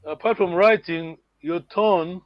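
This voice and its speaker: High-voiced man teaching a language lesson. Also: unhurried, no echo, lo-fi sound. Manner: patient, repeats words, asks "yeah?" to check understanding.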